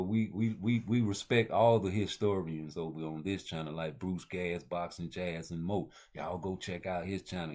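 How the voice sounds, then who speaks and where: Deep-voiced man rambling about boxing. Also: a little mellow. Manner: loose, rambling street talk with heavy slang. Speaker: host. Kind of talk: casual boxing commentary.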